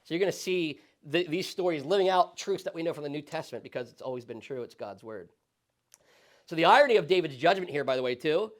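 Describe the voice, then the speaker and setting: A male pastor teaching a Sunday school Bible study in a conversational, animated way, often checking in with the class. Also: fairly high pitch. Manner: conversational, animated, frequent tag questions.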